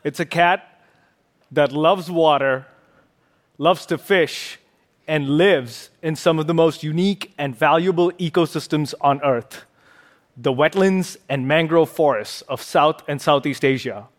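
A man giving a prepared stage talk as a conservationist, playful and fond of puns. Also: fairly high pitch.

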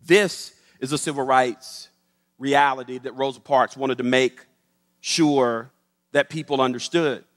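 Animated man storyteller in a big hall. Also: medium pitch, unhurried. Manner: animated, acts out the voices in his stories. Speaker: professor giving a talk. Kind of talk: storytelling public talk. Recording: long hall reverb.

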